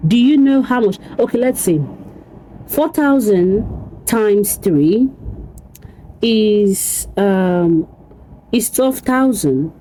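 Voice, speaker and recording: A woman's voice: medium pitch, drawn-out words, long pauses, a little hiss or hum, low-quality recording. A woman vlogger talking casually to her viewers, exclaiming, laughing and repeating phrases over and over. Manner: animated, repetitive, exclamatory, laughs often. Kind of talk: casual commentary to camera.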